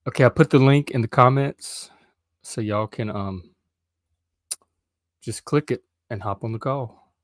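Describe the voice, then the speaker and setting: A man's voice: medium pitch, a little slow, long pauses, dry recording, clean studio sound. A middle-aged man hosting a casual solo live stream, rambling and hesitant with frequent ums.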